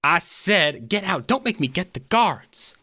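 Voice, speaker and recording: Male GM as a gruff train guard, bright tone, clipped threats. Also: high-pitched, big pitch swings, a little slow, pitched above the performer's own voice, exaggerated voice. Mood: stern. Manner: curt, scowling.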